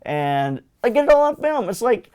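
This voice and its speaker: A man hosting a show, chatting casually and telling stories in an animated, jokey way with frequent laughter. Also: very high voice, normal speed, smooth. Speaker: show host. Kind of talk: casual co-hosted chat.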